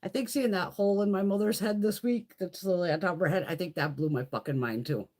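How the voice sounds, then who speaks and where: A woman's voice: lowish voice, fast, a little mellow. A woman casually chatting on a live beauty stream, rambling and swearing a lot. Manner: chatty, laughs often.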